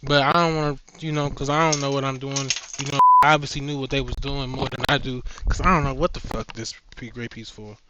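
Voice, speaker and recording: A man's voice: medium pitch, level tone, fairly quick, few pauses, very noisy. A man vlogging while he sews, rambling and cursing to himself in a casual, muttered way. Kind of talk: casual self-talk while sewing.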